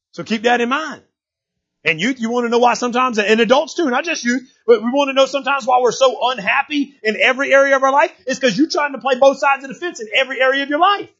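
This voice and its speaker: A man preaching a sermon in a folksy, animated way, often checking in with the congregation. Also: high voice, breathy edge, highs cut off. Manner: folksy, animated preaching with frequent "right?" asides. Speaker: pastor.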